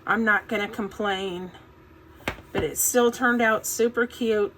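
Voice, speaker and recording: A woman's voice: medium pitch, fairly even intonation, measured pace, fairly bright tone, a little hiss or hum, low-quality recording. A woman hosting a casual crafting tutorial, chatty and folksy, with a groggy morning voice since she has just woken up. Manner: chatty, folksy, says "um" a lot. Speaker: craft channel host.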